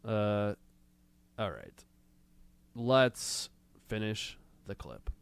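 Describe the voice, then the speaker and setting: A man hosting a casual livestream, reading chat and mocking news clips in a sarcastic, drawn-out way, with a slight cold. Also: lowish voice, big pitch swings, vocal fry, clear, resonant tone, no room sound. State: has a cold. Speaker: livestream show host.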